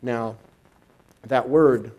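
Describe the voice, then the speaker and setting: A man's voice: mid-range voice, dull audio. Reflective male minister giving a sermon. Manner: teaching, reflective, unhurried. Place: spiritual center congregation, live.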